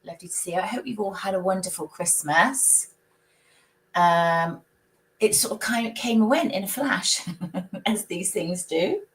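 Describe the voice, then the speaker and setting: A woman with a croaky voice from a coming cold, hosting a live stream as a psychic and chatting casually, greeting viewers by name and laughing often. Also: mid-range voice, measured pace. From United Kingdom.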